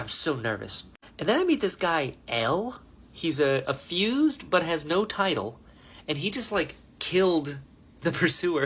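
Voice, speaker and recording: A man of middle pitch reacting to a book he just finished, talking casually in his own voice. He rambles and gets excited, and his talk is full of fillers.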